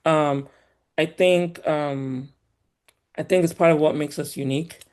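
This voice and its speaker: A woman's voice: sits low, a little slow. Nigerian woman with some american polish, chatty and emphatic, laughs a lot. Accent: Nigerian, polished by years in the US. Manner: animated and emphatic, laughs often. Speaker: guest. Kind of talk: casual conversation.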